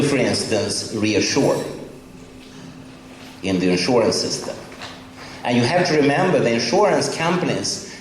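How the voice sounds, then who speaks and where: A man from Sweden with a Swedish accent, giving a conference lecture in English, emphatic and wry with halting fillers. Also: medium pitch. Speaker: professor giving a conference talk. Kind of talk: public lecture. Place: large lecture hall. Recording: very echoey hall with long reverb, faint hiss.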